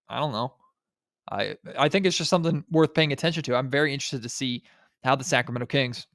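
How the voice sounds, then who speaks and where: A man's voice: medium pitch, fairly bright tone, dry recording, studio quality. Congested man hosting a sports podcast. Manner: conversational, thinks aloud with restarts and rhetorical questions. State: congested, nasal from a cold. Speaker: podcast host. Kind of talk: solo sports podcast commentary.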